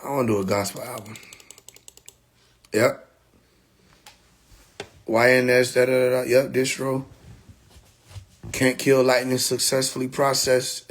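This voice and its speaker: A man's voice: medium pitch, little pitch movement, measured pace, pauses often. A man on a live stream singing gospel lines unaccompanied and making offhand remarks.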